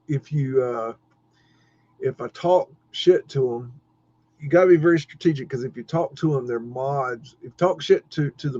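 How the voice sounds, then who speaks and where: A man's voice: medium pitch, darkish tone. A man hosting a live stream, chatting casually and rambling, with frequent laughs and many restarts. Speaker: livestream host. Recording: dull lo-fi stream audio.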